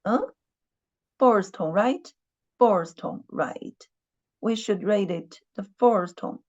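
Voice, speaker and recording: Slow patient woman teacher on a call. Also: medium pitch, muffled recording. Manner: patient, repeats questions, hums "mm" while thinking. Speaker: Chinese language teacher. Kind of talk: online language class.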